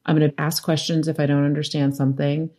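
A middle-aged woman with a low voice speaks as a guest in a conversational interview. She tells her stories with animation, slipping into the voices of the people she quotes and laughing often. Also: flat delivery, fast talker, warm tone. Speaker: documentary director, interview guest.

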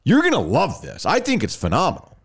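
A man hosting a sports radio show, talking football and reading ads in a lively storytelling way. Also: on the high side, fairly quick, vocal fry, slightly rough. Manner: animated storyteller, lively ad delivery. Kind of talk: sports talk and live ad reads.

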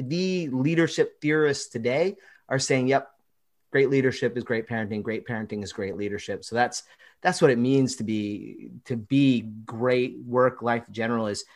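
A man's voice: mid-range voice, a bit bright. Enthusiastic man explaining research. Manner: enthusiastic, self-described nerd, emphatic. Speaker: guest, researcher.

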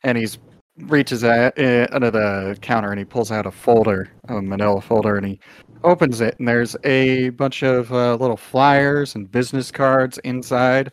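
A man narrating a tabletop game as game master. He speaks in a relaxed, drawn-out way with pauses. His voice sits at an ordinary pitch. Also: no room sound.

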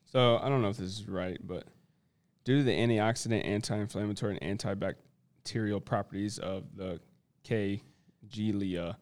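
A man co-hosting a casual podcast, quick and offhand. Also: fairly low pitch, fairly even intonation, darkish tone, smooth. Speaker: podcast co-host.

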